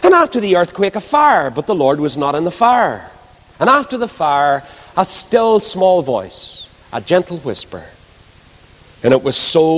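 A man preaching a sermon, reading scripture aloud with expressive emphasis and asides to the congregation. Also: fairly high pitch. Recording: long hall reverb.

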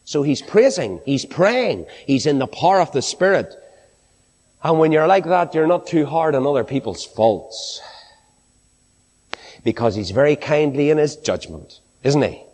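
A man preaching a sermon to a congregation, swinging from high, ringing exclamations down to low, hushed phrases. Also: animated, a little slow. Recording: long hall reverb.

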